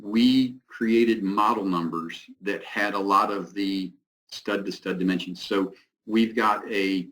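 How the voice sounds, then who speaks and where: A man's voice: on the low side, steady tone, slow pace, fairly bright tone, low-quality recording. A man giving a technical building-code presentation and answering questions, with many fillers. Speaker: product representative presenting.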